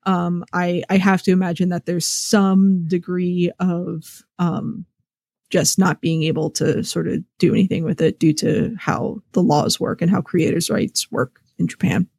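Relaxed woman co-hosting, dry sound. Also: fairly low pitch, a little slow, gravelly, breathy edge, no echo. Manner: relaxed and conversational, lots of "like" and "um". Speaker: podcast co-host. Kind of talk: casual podcast chat.

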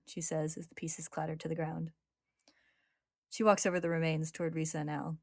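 A woman's voice: deep voice, flat delivery, fairly quick, vocal fry, no room sound, clean studio sound. A woman hosting a podcast, narrating a story recap dramatically. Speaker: podcast host.

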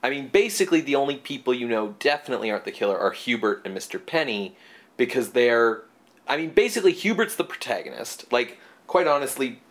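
A man's voice: mid-range voice, big pitch swings, fairly quick, a bit bright. A man co-hosting a casual movie podcast, talking in rambling stretches full of fillers and restarts. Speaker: podcast co-host. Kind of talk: casual movie review chat.

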